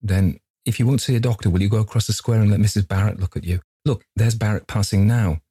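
A man's voice: fairly low pitch, steady tone, quick pace, warm tone, breathy edge, no echo, studio quality, voice pushed up. A man reading an anguished young man in an audiobook, muttering with strain.

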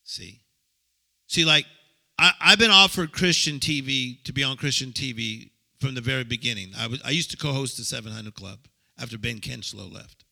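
Bright, gravelly-voiced excitable male preacher. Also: medium pitch, normal speed. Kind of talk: lively sermon to a live audience.

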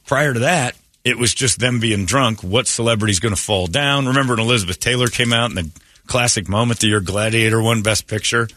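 A man's voice: medium pitch, brisk, sharp tone, no room sound. A man hosting a morning radio show, rambling through blunt, opinionated stories in casual chat from a studio mic.

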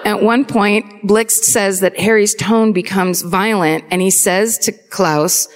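A woman's voice: mid-range voice, steady tone, takes it slowly, soft background music. A woman co-hosting a live true crime show on stage, telling the story in a chatty way and laughing at her own jokes. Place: live on stage in a large auditorium.

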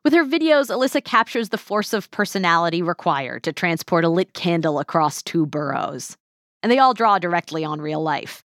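A woman podcast host with a fairly low voice, narrating in a measured, even way and chatting with her guest. The recording is dry and close. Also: no room sound. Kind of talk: scripted narration and interviewing.

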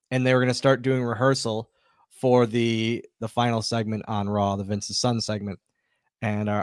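A man's voice: mid-range voice, no echo. Man telling a story in a dry studio. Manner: relaxed, animated retelling with quoted dialogue. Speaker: guest, former wrestler. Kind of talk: casual storytelling.

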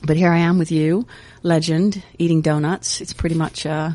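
A woman's voice: sits low, moderate pace, no echo. A woman in her fifties, raised in England, with a faint hybrid British-American accent, chatting as an interview guest and often laughing and restarting her sentences. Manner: relaxed, laughing, trails off and restarts. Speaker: interview guest, national team coach. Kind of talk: casual interview chat.

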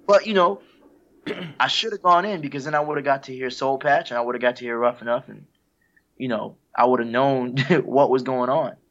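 A man's voice: medium pitch, moderate pace, a bit bright. A man, a guest musician, talking casually and reflectively in an interview, sharing heartfelt stories with an easy laugh. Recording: dull lo-fi sound.

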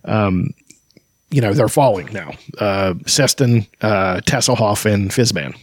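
A man's voice: lowish voice, a little slow, no echo, studio quality. A man reading aloud from a fantasy novel and chatting about it in between, hesitant and full of restarts. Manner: hesitant, many fillers and restarts. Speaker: book reader and commentator. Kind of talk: casual reading with commentary.

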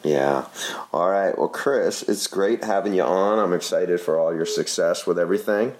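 Low-voiced man hosting, rambling casually. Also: normal speed, noisy background. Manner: rambling, self-correcting. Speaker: podcast co-host. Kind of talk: casual podcast chat.

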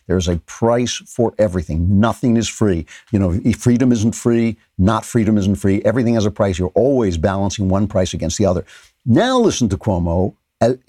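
An older man hosts a political commentary show, his low voice dark and mellow. He talks in an animated, opinionated way, full of sarcastic asides and quick restarts. The sound is dry and close. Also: no room sound.

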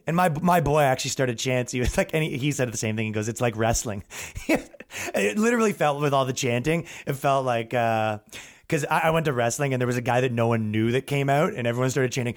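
A man's voice: medium pitch, animated, brisk. A young man, a comedian and podcast host, telling rambling, jokey stories in a casual monologue and acting out the people he saw.

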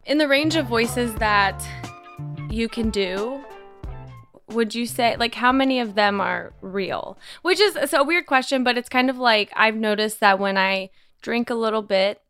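A woman's voice: on the high side, unhurried, a bit bright, soft background music. A woman with a Kentucky accent hosting a casual podcast, chatting in a youthful, self-deprecating way. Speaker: podcast host.

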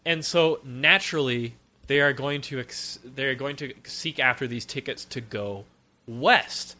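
A man co-hosting a podcast, giving a casual, sarcastic and animated review of a film. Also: medium pitch. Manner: animated, sarcastic, quick with jokes.

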